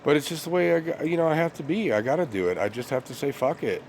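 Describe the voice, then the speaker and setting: A man's voice: on the high side, quick pace, creaky, a little mellow, slight background noise. A young man ranting bluntly and profanely in a rambling casual monologue to his viewers. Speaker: vlogger.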